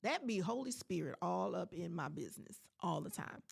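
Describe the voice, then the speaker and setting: A woman in her forties hosting a podcast, telling a personal story in a casual, animated and emphatic way, talking straight to her listeners. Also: lowish voice, moderate pace, vocal fry, husky. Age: 40s. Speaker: podcast host.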